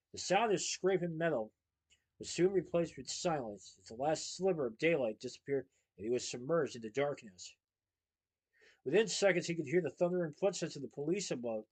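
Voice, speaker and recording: A man reading a children's novel aloud, in steady, lively storytelling. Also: a little high, brisk, poor audio.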